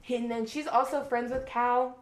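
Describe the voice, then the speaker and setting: A young woman co-hosting a podcast who recaps a book in casual chat. She is an animated storyteller who swears freely and says "like" often. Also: fairly high pitch, normal speed. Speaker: podcast co-host. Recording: roomy echo.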